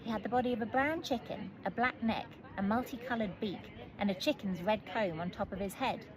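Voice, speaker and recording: A woman author reading her children's book aloud in a gentle, measured storytelling manner. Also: medium pitch, crowd noise, poor audio.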